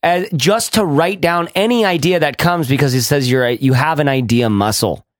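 A male podcast co-host chats casually and animatedly, frequently restarting his sentences and rising in pitch when he gets excited. He speaks at normal speed in a studio-quality recording with no room sound.

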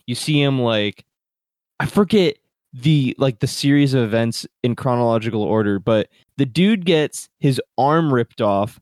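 Excitable laughing man, dry close mic. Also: mid-range voice, a little slow, no echo. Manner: excitable, laughs often, swears casually. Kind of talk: casual horror movie review chat. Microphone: computer microphone.

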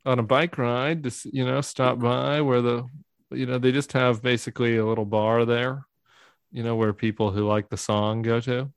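Podcast guest, 30s male, gravelly, self-deprecating rambler, dry close mic. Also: mid-range voice, level tone, moderate pace, dry recording. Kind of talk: casual chat.

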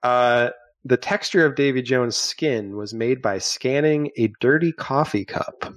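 A man's voice: mid-range voice, measured pace, no room sound. A man hosting a casual podcast, reading out trivia questions and wandering off into rambling tangents. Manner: rambling, tangent-prone storyteller. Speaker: podcast host running trivia. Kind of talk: casual chat.

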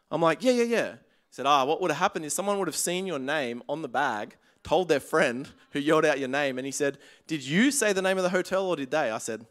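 A man with a slightly high voice preaches a sermon. He tells a personal story with lively acted-out dialogue and frequent laughs, then moves into reading scripture. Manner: animated storytelling, acting out dialogue, laughs often. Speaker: pastor.

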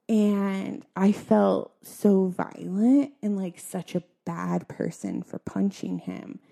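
Young woman, raspy low fry, super dark tone, soft halting talk, lots of likes, opening up in a convo. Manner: halting, full of "like" fillers, soft-spoken. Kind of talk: confessional conversation.

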